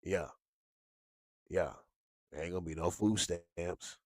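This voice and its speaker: A man hosting a casual talk show, ranting with lots of profanity and animated swings into high yelps. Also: slow pace, dry recording, clean studio sound. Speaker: show host.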